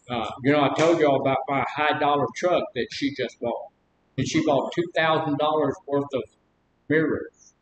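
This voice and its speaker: In an echoey room with a faint rumble, a male counselor with a slightly higher voice leads a recovery group. He speaks informally and conversationally, putting questions to the group and joking through personal stories about addiction recovery.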